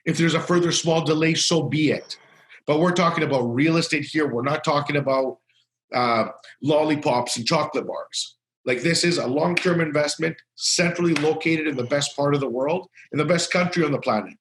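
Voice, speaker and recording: A man co-hosting a real estate livestream over a video call, talking in an upbeat, quick way with a few restarts. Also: fairly high pitch, fairly bright tone. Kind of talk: casual webcast talk.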